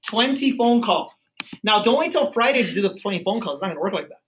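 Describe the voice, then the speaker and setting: High-voiced male sales trainer, echoey room. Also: fast talker, a little hiss or hum. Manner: energetic, acts out phone calls and dialogues. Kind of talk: motivational training talk. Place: meeting room with a live group. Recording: echoey room, far from mic, dull sound.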